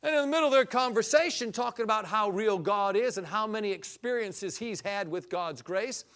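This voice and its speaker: High-voiced man preaching a folksy testimony. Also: a little fast, a bit bright, smooth. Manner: folksy, rising to fervent emphasis. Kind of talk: storytelling testimony sermon.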